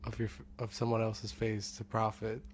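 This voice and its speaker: A man's voice: lowish voice, completely flat delivery, normal speed, breathy edge. A man guest on a podcast, chatting casually and joking like a playful storyteller. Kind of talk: casual chat.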